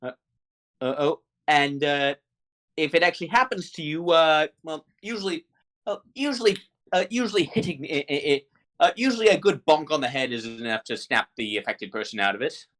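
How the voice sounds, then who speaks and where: A man running a tabletop game and answering in character, halting often with fillers and restarts. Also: on the high side, animated, fairly bright tone. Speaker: game master.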